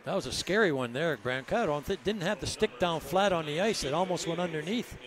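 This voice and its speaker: Colour man, somewhat higher voice, laid-back short reactions to the play. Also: fairly quick, a crowd in the background. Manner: relaxed, brief reactions and remarks. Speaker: colour commentator. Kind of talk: hockey colour commentary.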